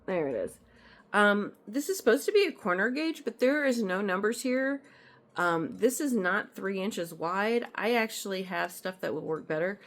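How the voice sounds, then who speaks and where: A woman's voice: medium pitch, expressive, moderate pace. A woman chatting casually at home as she shows off her cross-stitch finds, rambling into asides with frequent ums. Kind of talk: casual show-and-tell chat. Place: at home in an apartment.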